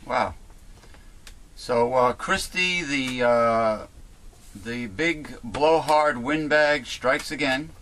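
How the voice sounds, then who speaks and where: A man's voice: mid-range voice, extremely slow, a bit bright, slight background noise. A man hosting a casual talk show, rambling and chatty, with many fillers and restarts. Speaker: host.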